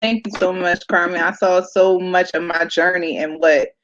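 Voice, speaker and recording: A woman's voice: fairly low pitch, steady tone, moderate pace, slight background noise. A woman moderating a panel of mothers, sharing her own experience candidly and often saying "like". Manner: candid, frequent "like". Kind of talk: casual panel conversation. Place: home, video call. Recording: dry, slightly dull sound.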